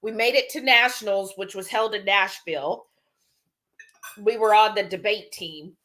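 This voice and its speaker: A woman hosting a cooking livestream, chatting and telling stories as she reads viewer comments aloud. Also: mid-range voice. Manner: chatty storyteller, quick animated asides. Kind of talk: casual chat, reading viewer comments aloud.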